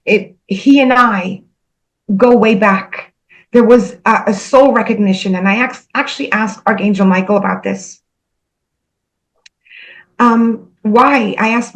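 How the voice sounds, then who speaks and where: A woman earnestly recounting a spiritual experience, halting and repeating herself, emotional as she goes. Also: mid-range voice, poor audio. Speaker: spiritual channel host. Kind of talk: personal spiritual storytelling.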